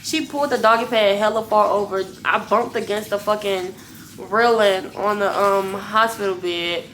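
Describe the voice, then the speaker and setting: A woman's voice: mid-range voice, normal speed, slight background noise. A young woman vlogger casually telling her viewers a story, blunt and full of swearing. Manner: profane, blunt, animated retelling.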